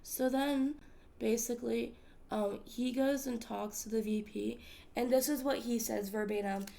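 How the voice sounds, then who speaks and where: A woman's voice: on the high side, steady tone, a little slow, creaky, warm tone. A woman from the States hosting a podcast, telling a personal story in a candid, emphatic way and swearing freely. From United States. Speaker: podcast host. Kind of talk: casual storytelling chat.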